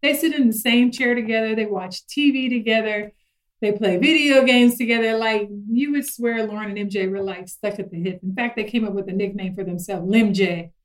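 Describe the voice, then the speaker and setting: A middle-aged woman chatting casually about parenting, telling stories lively and acting out her kids' voices. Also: fairly high pitch, brisk, rough recording. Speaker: guest parent.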